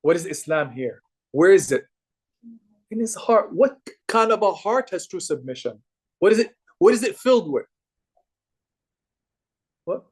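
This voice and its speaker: A young man giving a lively religious lecture to a live group, asking the audience questions and repeating phrases for emphasis. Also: high-pitched, a little slow, pauses often, husky. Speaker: religious teacher.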